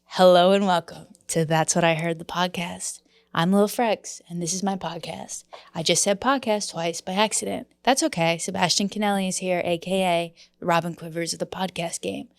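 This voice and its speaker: A woman's voice: lowish voice, steady tone, normal speed, vocal fry, no room sound. Brash woman host with a slightly throaty voice and a dry close sound, joking and swearing. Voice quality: throaty, frog in the voice. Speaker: podcast host. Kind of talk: casual podcast banter.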